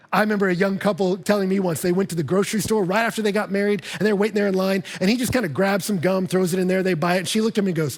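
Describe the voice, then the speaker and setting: A man preaching a sermon as pastor, lively and humorous, acting out couples' voices. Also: sits high, gravelly.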